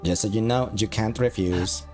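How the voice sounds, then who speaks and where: A bitter male demon soldier full of self-hatred, as a man reads him in his own low voice. He swears constantly in a flat monotone, and faint game music sits underneath. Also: normal speed, lightly acted. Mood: commanding. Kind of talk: game dialogue read aloud.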